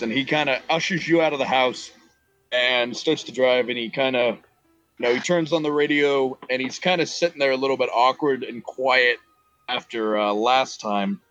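A man narrating a tabletop game as game master, loose and halting with fillers. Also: medium pitch, fairly even intonation, fairly bright tone, no echo, muffled recording, faint music behind.

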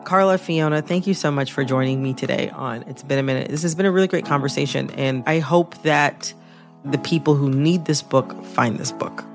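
A woman's voice: low-pitched, moderate pace, over music. A woman hosting a radio interview, asking reflective, thoughtful questions. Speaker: podcast host.

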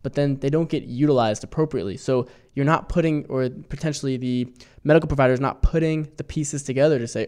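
A man's voice: mid-range voice, fast, a little mellow, smooth. A man co-hosting a health podcast as a doctor, talking in an engaged, chatty way and often chiming in with agreement. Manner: engaged, frequent agreeing interjections.

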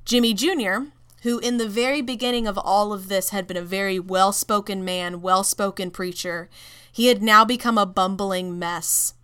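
Woman host, bright and very clear voice, measured casual narration. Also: mid-range voice, fairly even intonation. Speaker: podcast host.

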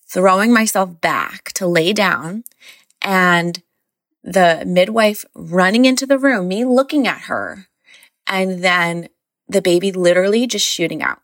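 A woman's voice: lowish voice, a bit bright, no echo, studio quality. A mother casually recounting a birth story, rambling and filling her speech with "like". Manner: rambling, heavy use of "like".

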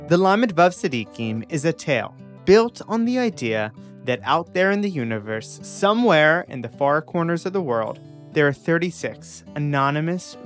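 A young man hosting a podcast, narrating a scripted intro earnestly and then asking questions. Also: fairly high pitch. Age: young adult. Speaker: podcast host.

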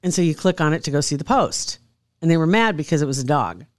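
A woman's voice: low voice, animated, fast talker. A woman co-hosting a casual podcast, telling a story in a chatty, amused way. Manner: chatty, amused, laughs often. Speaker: podcast co-host.

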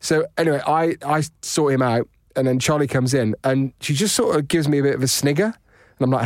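A man co-hosting a casual podcast, telling a lively anecdote with laughter and acted-out voices. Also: mid-range voice, a little fast, no room sound, clean studio sound. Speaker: podcast co-host. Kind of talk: casual storytelling chat.

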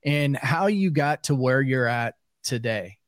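A man's voice: mid-range voice, lively intonation, unhurried, dry recording, studio quality. A man hosting an interview, asking questions in a rambling, hesitant way with lots of fillers. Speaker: interview host. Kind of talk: casual interview.

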